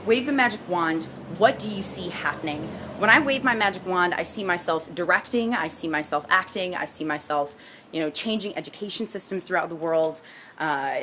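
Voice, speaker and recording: A young adult woman chatting casually and upbeat in a vlog, bubbly and talkative with frequent restarts. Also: lowish voice. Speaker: vlogger. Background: jazzy music playing.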